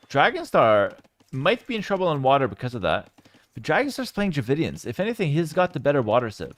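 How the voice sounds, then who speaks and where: A young man casting a strategy game live and chatting with his viewers, with sudden bursts of excitement. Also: a little high, brisk, no echo. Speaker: game streamer and caster. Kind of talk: live game commentary with chat.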